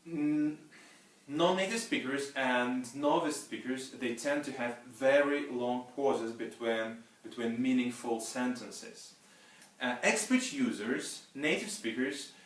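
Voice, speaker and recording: Male lecturer, methodical, halting with fillers, mid pitch, roomy distant mic. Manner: frequent fillers and restarts, methodical. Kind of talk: explaining lecture on speaking fluency.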